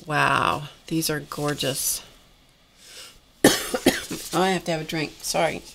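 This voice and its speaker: A woman's voice: low voice, fairly even intonation, slow pace, gravelly, fairly bright tone, a little hiss or hum. A middle-aged woman chatting casually on a craft live stream, exclaiming over gifts and talking to her viewers, her voice a little tired and coughing now and then. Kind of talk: casual live-stream chat, opening happy mail.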